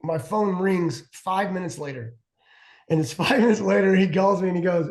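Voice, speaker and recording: A man in his forties, a former pitcher who is a guest on a show, telling long stories in a rambling way with many restarts and fillers. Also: moderate pace, a little mellow. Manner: rambling, restarts a lot, heavy "like". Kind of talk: casual storytelling chat. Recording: roomy echo.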